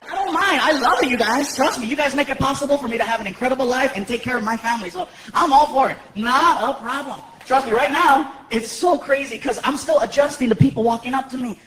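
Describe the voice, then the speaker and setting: A male stand-up comedian telling stories on a live stage, animated and shouting his punchlines. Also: very high voice, quick pace, hardly any pauses. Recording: noisy live show with loud crowd.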